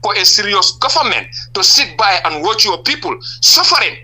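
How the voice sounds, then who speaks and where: A man's voice: high voice, sing-song, moderate pace, pushed and bright, husky, poor audio. A man with a Gambian accent, a political party leader giving impassioned answers in a radio interview, stressing point after point and firing rhetorical questions.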